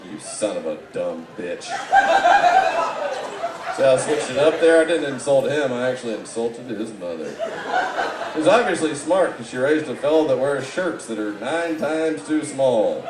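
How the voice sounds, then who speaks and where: A man delivering a live comedy roast set in a mocking, rambling way, with sudden loud outbursts. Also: mid-range voice, noisy background. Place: live event room. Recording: echoey room, distant mic, audible background.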